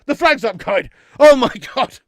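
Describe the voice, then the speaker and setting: A man hosting a live football watch-along, shouting at the players, swearing freely and chatting with viewers. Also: very high voice, normal speed, no room sound, clean studio sound. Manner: excitable, sweary, shouts at the screen; reads out and answers viewer chat. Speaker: watch-along streamer host.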